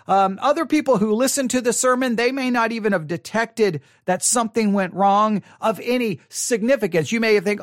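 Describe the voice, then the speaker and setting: Pastor guy talking it through out loud, high-ish voice, dry studio sound. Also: normal speed, hardly any pauses, no echo. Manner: earnest, self-questioning, thinking aloud with restarts. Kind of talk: reflective monologue to camera.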